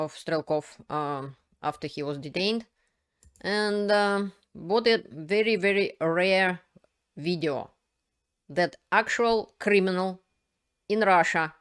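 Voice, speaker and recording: Low-voiced woman hosting political commentary. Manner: unscripted, halting explanatory delivery. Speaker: political video host. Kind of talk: casual spoken commentary to camera.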